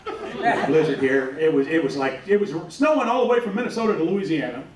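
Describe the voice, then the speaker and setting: A man tells folksy stand-up stories in a lively, high voice that swings up and down. He sounds a bit off-mic in a roomy club, with faint noise behind him. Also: brisk, far from the mic, crowd noise. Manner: folksy storytelling, acts out voices. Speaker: stand-up comic. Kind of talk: stand-up comedy set. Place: comedy club stage.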